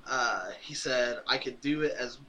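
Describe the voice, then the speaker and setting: Podcast co-host, man, lively storyteller, crisp bright tone, slight noise behind. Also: mid-range voice, measured pace, muffled recording. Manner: animated retelling, laughing, quoting characters. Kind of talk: casual comic recap chat.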